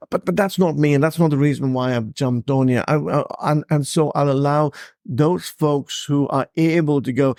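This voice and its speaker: Podcaster with a speech impediment, halting and emphatic, slightly high gravelly voice, dry close sound. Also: male voice, steady tone, darkish tone, no room sound. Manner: halting, repeats words, stutters on starts; emphasizes certain words, projects voice. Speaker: podcast host. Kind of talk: personal monologue.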